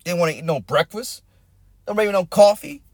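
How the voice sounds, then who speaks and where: A man's voice: high-pitched, animated, normal speed, darkish tone, no room sound, clean studio sound. A man preaching a sermon, building in rising, intense cadences and breaking into bursts of tongues.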